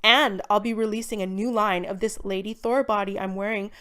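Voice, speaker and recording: A woman voicing a vain celebrity princess, gushing and promoting herself in a bubbly sales-pitch manner. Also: fairly even intonation, fairly quick, fairly bright tone, clean tone, close to an everyday voice.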